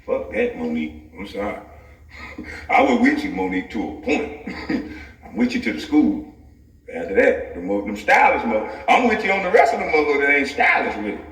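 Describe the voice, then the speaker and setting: A man with a lively, bouncing delivery rants in a loose, profane, comic way and keeps breaking into laughter mid-sentence. He sits back from the mic, so his voice arrives a little distant. The room around him is echoey. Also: mid-range voice, fairly quick. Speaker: vlogger. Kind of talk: profane comic rant to camera. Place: home office.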